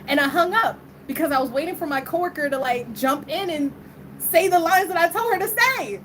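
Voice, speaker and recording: A young woman tells a personal story in a relaxed, chatty way, breaking into laughter and playing out what each person said. Her voice sits high. A steady noise runs clearly under the recording. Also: fairly quick, poor audio. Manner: laughs often, acts out quoted voices. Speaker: vlogger. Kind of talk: casual storytelling.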